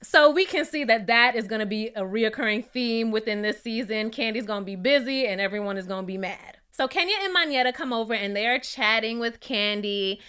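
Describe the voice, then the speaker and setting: A woman giving casual, gossipy commentary on a reality TV episode, sassy and quick to laugh. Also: on the high side, fairly bright tone, clear, resonant tone. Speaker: reality TV reviewer.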